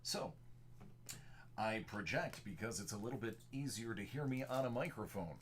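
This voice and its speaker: Lively card-calling man. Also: on the low side, moderate pace, background noise. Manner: calls out player cards in short punchy bursts; chats with viewers in the stream chat. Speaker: live-stream card break host. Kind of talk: casual live-stream chat calling out cards.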